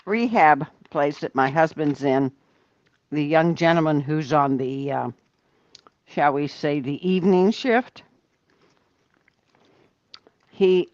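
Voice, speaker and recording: Older woman from Ohio, livestream co-host; slow, chatty, lower voice, muffled dry audio. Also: no room sound. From Ohio, USA. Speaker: livestream co-host reading chat. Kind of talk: casual livestream chat.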